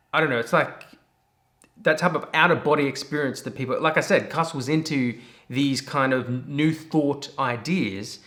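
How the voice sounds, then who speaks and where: A man's voice: medium pitch, bright, forceful tone. Man casually breaking down clips. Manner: loosely worded, reflective. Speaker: commentator of video clips. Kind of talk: casual analysis.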